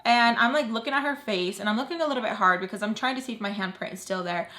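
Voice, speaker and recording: A young woman with a slightly high voice tells a story in casual vlog fashion. She talks emphatically and animatedly, leaning on lots of fillers and tossing in swear words. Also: quick pace, pushed and bright. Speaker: vlogger. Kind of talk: storytime chat.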